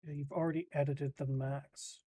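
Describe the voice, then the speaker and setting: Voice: mid-range voice, flat delivery, moderate pace, warm tone. A game master walking players through rules and character sheet fixes, patiently and methodically, restarting sentences to rephrase. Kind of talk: explaining rules in a casual online game session.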